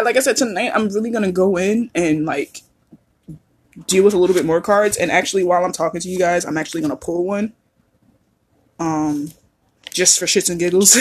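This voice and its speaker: A woman's voice: fairly low pitch, breathy edge. A woman hosting a casual solo podcast, chatty and laughing often, swearing freely as she talks. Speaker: podcast host.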